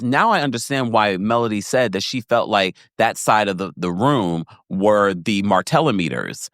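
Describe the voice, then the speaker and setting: Animated man recapping reality TV. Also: dry recording, studio quality. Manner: animated, laughs often, acts out quotes in a higher voice. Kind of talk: casual commentary.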